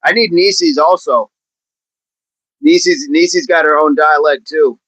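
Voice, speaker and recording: A man's voice: on the high side, measured pace, fairly bright tone, dry recording, poor audio. A middle-aged man hosting a livestream, chatting casually, reading viewers' comments, laughing often and repeating phrases playfully. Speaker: livestream host.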